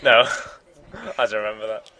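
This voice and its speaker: A young man telling childhood stories to friends in casual chat, often laughing and slipping into quick impressions. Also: on the low side, big pitch swings, heavy background noise. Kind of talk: casual storytelling among friends.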